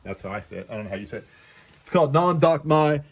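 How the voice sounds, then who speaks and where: A man's voice: fairly high pitch, expressive, fast talker, slightly rough. A man giving a casual walk-through of his balcony plants, chatty and self-deprecating, thinking aloud with fillers. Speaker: plant grower showing his balcony mango trees. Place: outdoors on a balcony.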